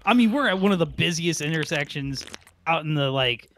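Higher-voiced rambling "dude" guy. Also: expressive, brisk, noisy background. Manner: rambling, says "dude" a lot, chuckles. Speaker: let's play co-host. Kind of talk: casual gaming chat.

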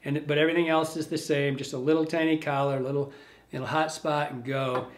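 A man giving a casual step-by-step fly tying demonstration, relaxed and rambling as he thinks aloud while working. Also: on the high side, fast.

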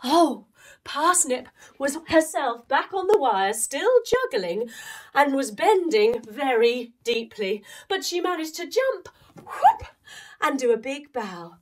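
A young adult woman telling a playful children's story while guiding a yoga class, with expressive delivery and movement cues. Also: sits high, a little slow. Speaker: kids yoga teacher and storyteller.

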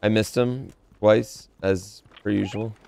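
A man's voice: lowish voice, fairly even intonation, slow pace, gravelly, darkish tone. A man playing as a teammate in a video game, chatting casually and swearing now and then. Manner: laid-back, swears casually. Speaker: teammate in a battle royale game. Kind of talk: casual gaming chat.

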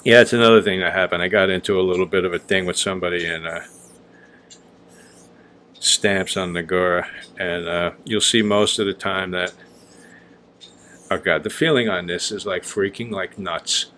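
A man's voice: low-pitched, steady tone, normal speed, pauses often, sharp tone, slight background noise. A man talking casually on a vlog, blunt and rambling, swearing freely and filling gaps with "um" and "like". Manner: loose and rambling with many fillers. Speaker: vlogger honing straight razors.

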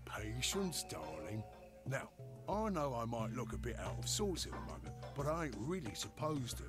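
A woman voicing an excitable, chatty male robot with a Cockney accent and heavy slang, in a video game. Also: a bass voice, normal speed, over music. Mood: chummy. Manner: chummy, rambling, heavy slang.

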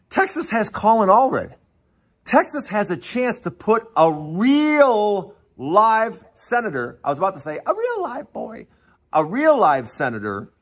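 Animated, teasing man with a husky voice. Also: high-pitched. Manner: animated, teasing, repeats and stammers. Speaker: host. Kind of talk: excited solo political commentary.

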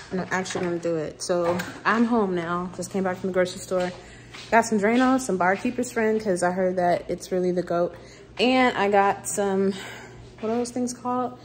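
A woman's voice: mid-range voice, fairly even intonation, moderate pace. A woman chatting casually to her vlog camera, blunt and talkative, swearing freely and addressing viewers as "y'all". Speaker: vlogger. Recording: noisy background.

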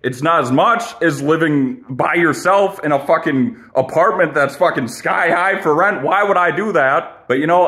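A man's voice: fairly high pitch, bright, forceful tone. Profane young man ranting to camera. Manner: profane, rambling, argumentative. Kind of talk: casual rant to camera.

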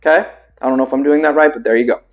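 A man's voice: mid-range voice, fairly even intonation, very fast, dull audio. A man, a vocal coach, reading terms aloud and reacting with puzzled asides, now and then singing vowels to show them. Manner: breaks into sung vowel demonstrations. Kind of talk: casual explainer video.

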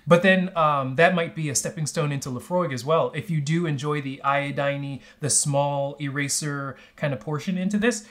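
A man with a slightly high voice co-hosts a laid-back whisky tasting. He talks through the flavors at length in an easygoing, agreeable way. His tone stays relaxed and conversational. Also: normal speed, hardly any pauses. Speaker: whisky reviewer. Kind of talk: casual tasting chat.

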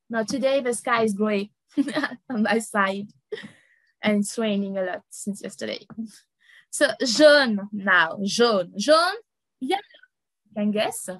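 Slow, patient woman teaching to kids. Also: fairly high pitch, no room sound, rough recording. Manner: slow, repeats words, laughs often. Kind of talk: online language lesson for children.

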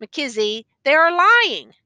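A woman's voice: a little high, lively intonation, unhurried, pushed and bright, smooth, dry recording. Woman reading as a formal, pressing prosecutor. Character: formal male courtroom prosecutor.

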